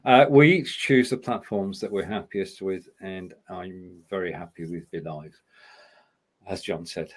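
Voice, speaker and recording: A man, hosting a live online chat show, steering it along briskly and genially. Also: low-pitched. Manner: genial, brisk show-running with quick agreements. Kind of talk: casual chat on a live video call.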